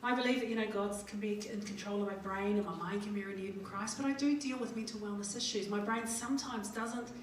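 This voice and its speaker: A woman's voice: medium pitch, fairly even intonation, quick pace, few pauses, slight background noise. A middle-aged woman with a New Zealand accent gives a chatty, humorous conference talk, acting out little dialogues. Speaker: conference speaker. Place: conference hall. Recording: very echoey hall from a distance. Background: audience laughing.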